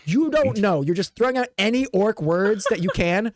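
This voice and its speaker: A man's voice: high voice, lively intonation, moderate pace, no room sound, studio quality. A man narrating as game master of a tabletop game, rambling with many restarts.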